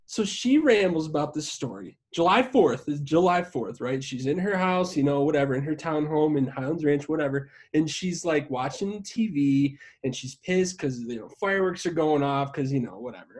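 A man hosting a podcast, telling a story in casual chat. He is animated and profane, and he acts out the voices he quotes. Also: fairly high pitch, moderate pace, hardly any pauses, husky. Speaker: podcast host.

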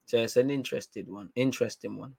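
A man's voice: medium pitch, fast, vocal fry, a little mellow, breathy edge, no room sound. A young man, casually chatting through viewer comments on a football livestream, slangy and trailing into fillers. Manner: laid-back slangy banter, trailing off into fillers.

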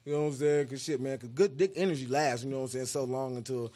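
A man in casual banter, telling stories with slang and a steady refrain of "you know what I'm saying.". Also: medium pitch, quick pace. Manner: animated, storytelling with swings into quoted voices.

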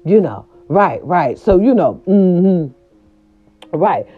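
A woman's voice: fairly low pitch, sing-song, takes it slowly, slightly rough, narrow, tinny audio, faint music behind. A woman telling a story in a casual vlog, blunt and profane, talking straight to her viewers.

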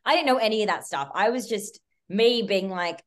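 A woman's voice: mid-range voice, moderate pace. A young Australian woman, a podcast guest, chatting casually and telling a story with lots of "like" and frequent swearing. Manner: animated storytelling, heavy use of "like", swears freely. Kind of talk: casual chat.

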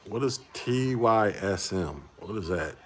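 A man in his forties hosting a casual livestream and chatting with viewers, rambling, repeating words and chuckling often. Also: on the low side. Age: 40s. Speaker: livestream host reading chat.

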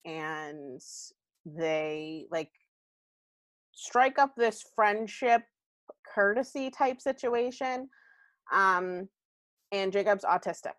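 A woman's voice: mid-range voice, extremely slow, long pauses, a bit bright, no echo. A woman podcast host in casual chat, candid and chatty, rambling through asides with lots of likes and ums. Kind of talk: casual book review chat.

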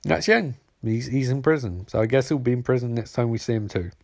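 A man's voice: mid-range voice, animated, fast, vocal fry. A man casually recapping and rating a TV episode, rambling with sarcastic asides and lots of fillers. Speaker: TV episode reviewer.

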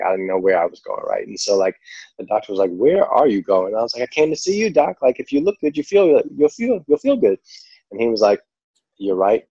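A man's voice: deep voice, darkish tone, dry recording, dull audio. A man with a New York accent, a podcast guest telling stories in a rambling, casual way, full of "like" and "you know". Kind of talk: casual storytelling.

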